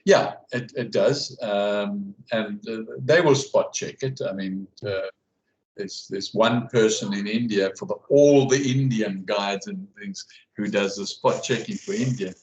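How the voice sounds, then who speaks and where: A man with a fairly low voice talks casually over a video call. He speaks haltingly, stacking fillers and restarting his sentences as he thinks aloud. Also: a little mellow, low-quality recording. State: hiccuping. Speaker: class guide and researcher. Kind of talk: casual conversation.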